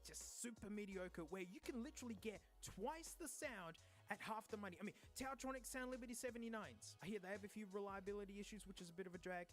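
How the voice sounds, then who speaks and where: A chatty headphone reviewer speaks at a mid pitch. The tone is casual and opinionated. Soft music plays quietly underneath. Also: quick pace. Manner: chatty, opinionated, laughs now and then.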